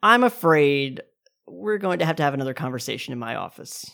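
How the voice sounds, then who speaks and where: Lady doing a smooth careful rich guy, low voice, slow and polite. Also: animated, fairly bright tone, exaggerated voice. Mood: coolly polite. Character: smooth-talking adult man, Tristan, a wary host.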